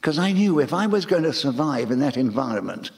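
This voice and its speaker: Older english guy spinning lively stage stories, slightly high voice. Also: a little fast. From England. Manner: animated storyteller acting out voices. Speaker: interviewed guest. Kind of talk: anecdotal stage conversation.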